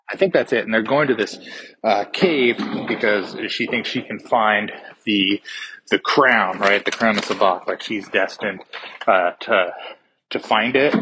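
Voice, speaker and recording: A man's voice: mid-range voice, sharp tone, slight background noise, rough recording. A man recapping a movie plot in a casual, rambling way, swearing freely and trailing off into fillers and restarts. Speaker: podcast movie reviewer.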